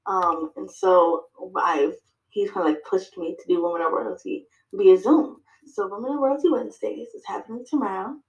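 A woman guesting on a podcast, telling her story in lively fashion, acting out her own dialogue, with many fillers and restarts. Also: medium pitch, moderate pace, reverberant, dull audio. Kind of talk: casual interview chat.

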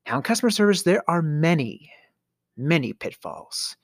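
A man's voice: a little high, big pitch swings, normal speed, dry recording, clean studio sound. A middle-aged man hosting a podcast, telling a storytelling rant in a theatrical way, with sighs, stammers and sudden whispers. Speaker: podcast host.

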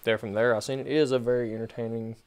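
A man's voice: medium pitch, level tone, rapid-fire, smooth. A man co-hosting a casual podcast, reading viewer comments and talking hesitantly with many restarts. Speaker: podcast co-host.

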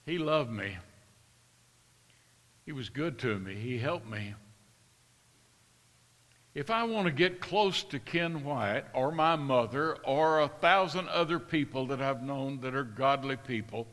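A man's voice: mid-range voice, lively intonation, a little slow, pauses often, a bit bright, long reverb tail. An older man preaching a sermon, telling a story and building to impassioned rhetorical questions in a church.

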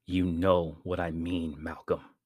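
A man reads out a frightened young mother, her lines low-pitched and pleading. Her words come out desperate and strained, close to the mic in a dry room. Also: flat delivery, slow pace, no echo. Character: panicked distraught mother, young adult woman. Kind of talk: audiobook-style narration.

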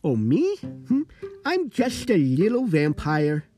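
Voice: mid-range voice, huge pitch swings, slow pace, warm tone. A performer voicing a tiny, playful, cheeky vampire who talks in a teasing sing-song, with light music behind.

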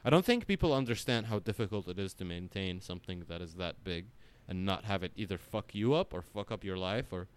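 A man's voice: low voice, fairly quick, few pauses, clear, resonant tone. A man chatting casually on a podcast, rambling with many fillers and frequent swearing. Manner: rambling, animated, swears often, lots of filler words. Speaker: podcast co-host.

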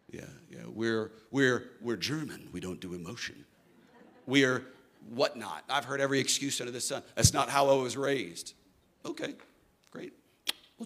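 A middle-aged man preaching a sermon to a church congregation, swinging from soft, slow lines to loud, fervent ones. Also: fairly high pitch. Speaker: pastor.

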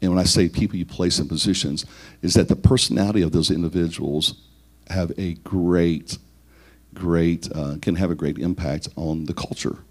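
A man with a very low, deep voice gives a leadership teaching talk to church leaders. He counts off his points one by one. He poses questions to his listeners and often repeats a word as he goes. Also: fairly even intonation, normal speed. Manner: lists numbered points, asks rhetorical questions, repeats words.

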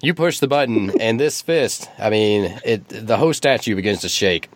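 A male game master narrates a tabletop game in a low voice. He rambles and stops to correct himself mid-sentence. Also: expressive, moderate pace, dry recording.

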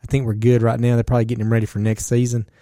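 Man, podcast host, relaxed chatty delivery, mellow tone, dry sound. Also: medium pitch, racing, no echo. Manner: laid-back, talks baseball excitedly. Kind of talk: casual podcast chat.

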